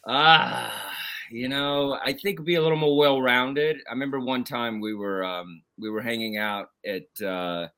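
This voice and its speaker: A man's voice: mid-range voice, a little slow, pushed and bright. A man who is a stand-up comedian, the guest on a podcast, talking in casual chat and laughing through his stories.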